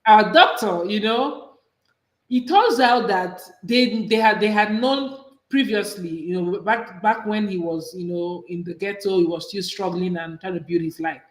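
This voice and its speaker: Woman, film review co-host, casual storytelling, medium pitch, roomy echo. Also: unhurried. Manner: conversational storytelling with fillers. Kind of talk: casual chat. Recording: echoey room.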